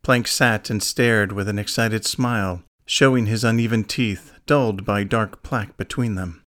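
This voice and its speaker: A man reading a crime novel aloud in a steady, measured way. His voice sits low, and the recording is dry and close. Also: no echo. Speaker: audiobook narrator. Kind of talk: scripted narration.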